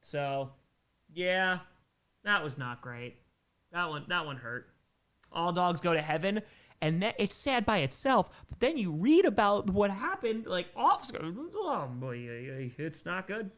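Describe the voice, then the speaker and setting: Answering viewer questions in casual chat, this livestream host speaks a little slowly in a high, sing-song voice with a fairly bright tone. He rambles with enthusiasm and thanks donors along the way.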